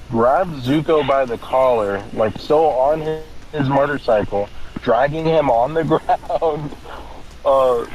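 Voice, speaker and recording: A man's voice: medium pitch, low-quality recording. A man giving casual gaming commentary, rambling through a story with lots of swearing. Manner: rambling, swears a lot, frequent laughs.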